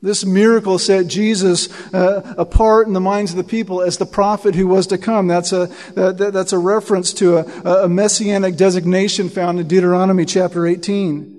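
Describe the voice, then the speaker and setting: A man's voice: sits high, level tone, normal speed, hardly any pauses, darkish tone, in a large hall. A man preaching a sermon, reading scripture aloud and explaining it in an earnest way, often repeating words as he restarts.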